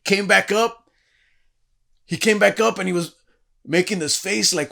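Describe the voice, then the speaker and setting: A man's voice: fairly high pitch, moderate pace, vocal fry, bright, forceful tone. A man in his thirties, a podcast host, telling profane, rowdy stories in casual chat and acting out the quotes.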